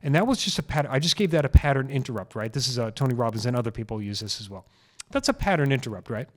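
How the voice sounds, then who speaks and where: Talking very fast with lively intonation, the chiropractor hosting this solo health podcast uses a mid-range voice. He speaks into his microphone in an earnest, casual way, returning to key phrases for emphasis.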